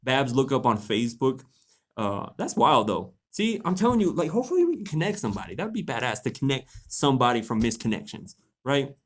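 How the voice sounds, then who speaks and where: A young man chats his way through a livestream, animated and quick to laugh, with a voice that sits in an ordinary middle pitch. He talks casually and swears freely as he reacts to what he reads. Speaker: host reading posts on a livestream.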